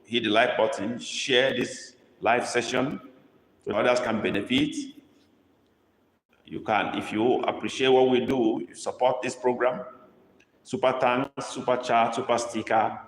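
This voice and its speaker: A man teaching a live-streamed language lesson, coaxing students and repeating each prompt slowly. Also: medium pitch, steady tone. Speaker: language tutor. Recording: echoey room with long reverb.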